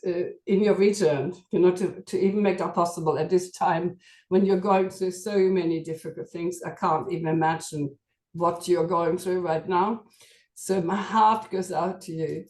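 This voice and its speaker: A woman giving a halting, emotional tribute at a memorial meeting, her voice shaky with feeling. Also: fairly low pitch, steady tone, a little mellow, roomy sound. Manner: halting, emotional, many fillers. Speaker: qigong student at a memorial meeting.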